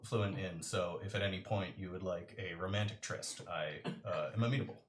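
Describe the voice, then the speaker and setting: Formal, pompous adventurer with a low drone, played by a man; echoey room. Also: steady tone, fairly quick, recorded from a distance, very noisy, lightly acted.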